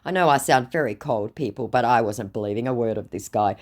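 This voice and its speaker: A woman's voice: rumbling low, fairly quick, darkish tone. An adult woman recounting an online chat in a blunt, sarcastic storytelling manner, swearing freely. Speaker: scam baiter.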